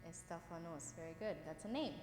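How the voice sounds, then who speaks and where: A woman's voice: fairly low pitch, fairly quick, darkish tone. A woman teaching a language class, reading words aloud and patiently checking that her students follow. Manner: patient, encouraging, checks in often. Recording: roomy echo with long reverb, faint room noise.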